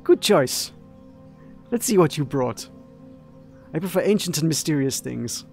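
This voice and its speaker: A man's voice: a little high, expressive, unhurried, creaky, darkish tone, faint music behind. A man voicing a pushy male market trader selling geckos in a video game, in eager, clipped sales patter. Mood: haggling.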